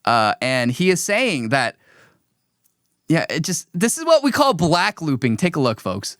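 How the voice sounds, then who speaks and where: Lively, emphatic male livestream host. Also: a little high, a little slow, dry recording, clean studio sound. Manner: emphatic, repetitive, scornful. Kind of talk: livestream commentary.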